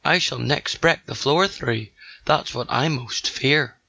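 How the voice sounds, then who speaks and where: Man putting on a cheeky little girl, higher voice, gravelly edge, dull dry sound. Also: slow pace, sharp tone, no room sound, exaggerated voice. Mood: pert. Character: bold cheeky young girl intruder.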